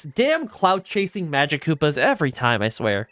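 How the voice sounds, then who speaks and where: A woman's voice: sits low, sing-song, normal speed, few pauses, fairly bright tone, no echo. A woman giving casual, rambling let's play commentary, swearing freely as she goes. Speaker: gaming streamer.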